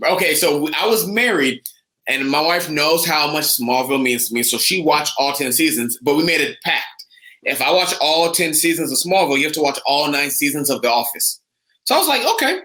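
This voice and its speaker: A young man from the United States, co-hosting a casual fan chat with eager, animated talk. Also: fairly high pitch, moderate pace, roomy sound, low-quality recording. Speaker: co-host.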